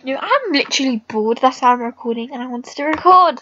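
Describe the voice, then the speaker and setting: High-voiced teen girl rambling over gameplay. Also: expressive, a little fast, fairly bright tone, no echo, dull audio. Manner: rambling, blunt, frequent "like" fillers. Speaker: gamer vlogger. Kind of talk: casual game commentary.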